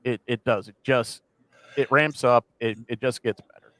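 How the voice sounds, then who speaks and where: Rambling animated man, dry close sound. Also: mid-range voice, normal speed, dry recording. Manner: rambling, many restarts and fillers, animated retelling. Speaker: podcast co-host. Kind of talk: casual chat.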